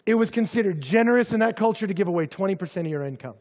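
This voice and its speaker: A man preaching a sermon to students, dropping to soft, close asides and then rising to loud, shouted emphasis. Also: sits high, lively intonation, very fast, long reverb tail. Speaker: campus ministry pastor.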